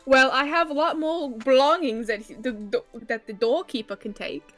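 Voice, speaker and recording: A woman playing a tabletop game in casual chat, excitable and brash. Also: high-pitched, normal speed, soft background music. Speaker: player.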